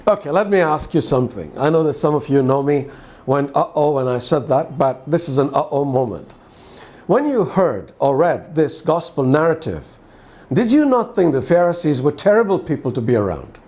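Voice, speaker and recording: A man with a fairly high voice and a distinctive accent reads scripture and then reflects on it. He talks to the listener in a conversational way, with wry questions and dry humor. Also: big pitch swings, normal speed, darkish tone. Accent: distinctive accent, often questioned. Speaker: preacher giving a daily devotional. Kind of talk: gospel reading and reflection.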